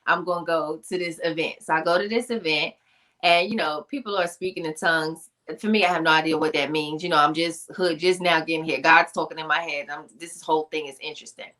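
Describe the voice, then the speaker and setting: A woman telling her personal testimony in an animated storytelling style, acting out voices and laughing often. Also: sits low, fairly quick. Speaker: guest, motivational speaker.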